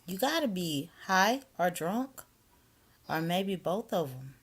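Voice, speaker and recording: A woman vlogging on her phone at night, talking to her viewers in a chatty, incredulous way, sometimes dropping to a hush. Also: fairly low pitch, big pitch swings, takes it slowly, breathy edge. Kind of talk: casual commentary to viewers. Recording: noisy phone recording, snoring behind.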